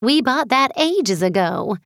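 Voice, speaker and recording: A man reading an audiobook, voicing a teasing elderly grandmother in a raised, falsetto-like voice. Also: expressive, takes it slowly, a bit bright, no room sound, clean studio sound, heavily acted. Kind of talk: audiobook character voice.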